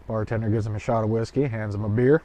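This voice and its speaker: A man's voice: on the low side, steady tone, quick pace, mellow, muffled recording. A man telling a joke in a loose, colloquial storytelling way with rambling asides. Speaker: joke teller.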